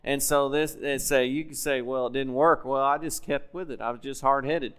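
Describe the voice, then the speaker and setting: A man's voice: medium pitch, steady tone, normal speed, a bit bright, smooth. A man preaching a sermon in a folksy, conversational manner, full of rhetorical questions to the congregation. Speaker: pastor. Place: church sanctuary.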